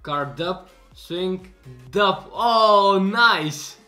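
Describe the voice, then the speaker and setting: A man, hosting and commenting on clips in a reaction video, excitable and quick to exclaim and laugh. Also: sits high, soft background music. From Bulgaria. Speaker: host.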